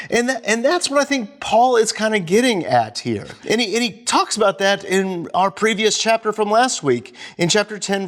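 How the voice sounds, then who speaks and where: Chatty high-voiced man preaching. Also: a bit bright. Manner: chatty and loose, many fillers and restarts, playful baby-talk asides. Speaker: pastor. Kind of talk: casual conversational sermon.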